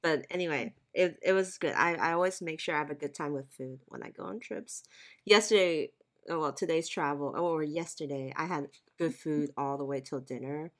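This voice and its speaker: A woman co-hosts a casual podcast chat in a somewhat low voice. She talks in quick bursts, laughing often and restarting her sentences with plenty of fillers. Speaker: podcast co-host.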